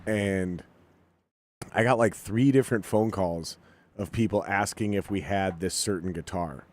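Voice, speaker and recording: A man with a fairly low voice tells a story as a podcast guest. He talks casually and with energy, swears freely, and slips into the voices of the people in the story. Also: unhurried. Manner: animated, swears freely, acts out dialogue. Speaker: podcast guest, rock musician.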